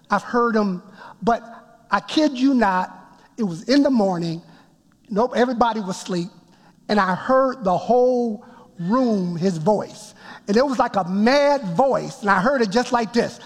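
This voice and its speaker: A man preaching a sermon, telling his story with emphatic build-ups that rise toward shouts. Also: high voice, measured pace. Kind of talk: sermon testimony. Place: church sanctuary before a congregation. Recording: long reverb of a large hall.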